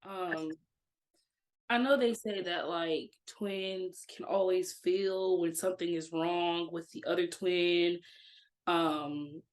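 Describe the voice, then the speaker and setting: A woman hosting an interview, speaking gently and asking careful questions. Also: on the low side, fairly even intonation, slow. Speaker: podcast host.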